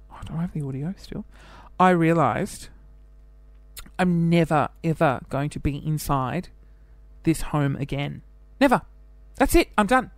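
A man's voice: a little high, no echo. Chatty Australian man, dry close sound. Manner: chatty, self-deprecating, jumps between topics. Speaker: podcast host. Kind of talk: casual solo podcast monologue.

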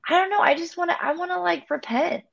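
A woman co-hosting a candid faith chat, talking in an emotional, halting way with many restarts. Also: very high voice, creaky. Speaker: podcast co-host. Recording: dull lo-fi sound.

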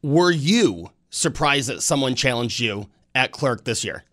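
A man interviewing a political candidate, asking measured, slightly halting questions. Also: medium pitch, lively intonation, a bit bright.

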